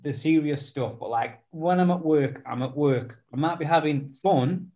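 A man hosting a construction podcast, chatting in a relaxed, agreeable way with casual swearing. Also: a little high, moderate pace. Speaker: podcast host. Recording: slightly dull lo-fi recording.

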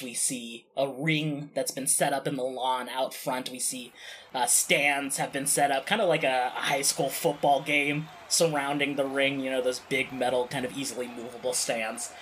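A man narrating as game master of a tabletop game, describing scenes slowly and laughing often. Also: mid-range voice, fairly even intonation, a bit bright, slight background noise.

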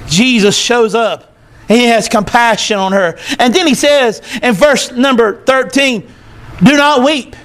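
A male pastor preaching a sermon in church, emphatic and teary, repeating short phrases and building to shouts. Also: very high voice, unhurried. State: teary, emotional.

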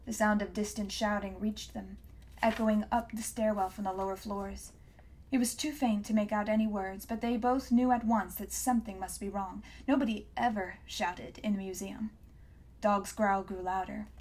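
A woman narrating an audiobook in a measured, hushed reading voice. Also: mid-range voice, fairly even intonation. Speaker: audiobook reader. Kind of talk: scripted narration.

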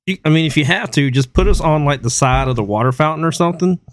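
A man's voice: fairly high pitch, fast talker, no echo. A man co-hosting a podcast in casual chat, laid-back and teasing. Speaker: podcast co-host.

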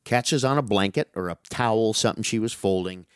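A middle-aged man telling a long, animated, profane story in casual chat with a friend. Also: lowish voice, fairly quick, smooth, no room sound, studio quality. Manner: animated, profane, calls listener dude.

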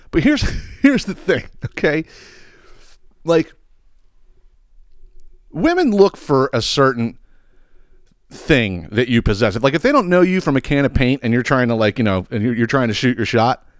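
Male podcast host, mid-pitched, dry close sound, swears freely and rambles with stammers. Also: very animated, moderate pace, long pauses, no room sound. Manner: profane, rambling, stammering repeats. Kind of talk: casual solo podcast monologue.

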